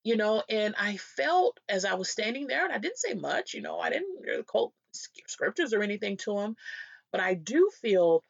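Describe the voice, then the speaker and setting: A woman's voice: mid-range voice, big pitch swings, moderate pace, creaky, dry recording. A woman giving an earnest devotional talk, telling personal stories and acting out the voices of people she met. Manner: earnest, storytelling, acts out quoted voices. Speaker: Christian speaker. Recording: dull lo-fi dry recording.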